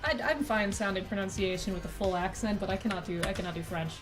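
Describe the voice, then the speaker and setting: A woman's voice: medium pitch, fast, over music. A woman streamer chatting casually while drawing, rambling and self-deprecating, swearing freely. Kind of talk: casual live-stream chat.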